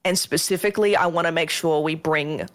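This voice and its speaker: A woman telling a ghost story on a casual podcast, animated and swearing often, acting out what people said. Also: sits low, a little fast. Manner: animated, swearing, acts out quotes. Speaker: guest.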